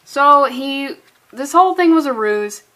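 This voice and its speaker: A woman's voice: high-pitched, lively intonation, a little slow, sharp tone. A woman reviewing a comic book in a sarcastic, exasperated way, swearing freely and using valley-girl phrasing.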